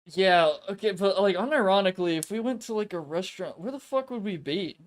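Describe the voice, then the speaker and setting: A man hosting a casual video game stream. His voice sits a touch high, and he rambles through his thoughts. He drops swear words often and breaks into laughter easily. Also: brisk. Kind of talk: casual chat.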